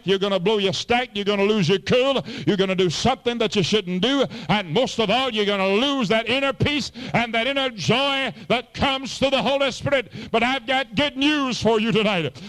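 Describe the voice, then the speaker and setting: Fervent high-voiced preacher man. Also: a bit bright. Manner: fervent preaching, swinging from high calls to low murmurs. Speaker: pastor. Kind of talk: sermon.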